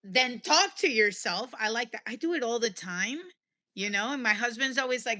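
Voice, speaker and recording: A woman's voice: fairly high pitch, lively intonation, moderate pace, bright, forceful tone. A woman hosting a podcast who affirms and sums up her guest's points in conversation. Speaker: podcast host. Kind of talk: conversational interview.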